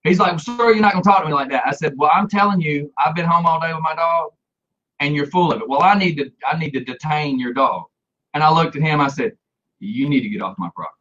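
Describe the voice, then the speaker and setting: A man telling a story in casual chat, animated and laughing, acting out the people he quotes. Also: fairly high pitch, fairly quick. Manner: animated, acts out quoted voices, laughs often. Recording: dull lo-fi sound.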